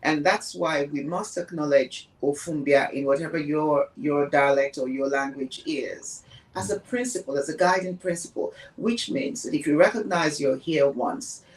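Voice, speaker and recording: A woman's voice: low voice, normal speed, far from the mic, poor audio. A woman guest on a podcast, talking earnestly and emphatically about grief, repeating words for stress. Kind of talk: reflective conversation on grief.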